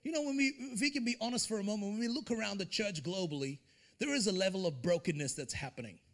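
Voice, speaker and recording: A man preaching a sermon at a church service, conversational and animated, slipping into acted asides and building to emphatic peaks. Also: sits high, fast talker. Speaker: pastor.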